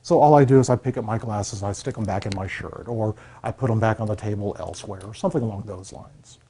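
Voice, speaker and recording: A man's voice: fairly low pitch, fast, dark tone, slightly rough. A man, a college counselor, giving an earnest classroom talk to students and checking in often to make sure they follow. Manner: earnest, repeats key points, checks in with "okay?".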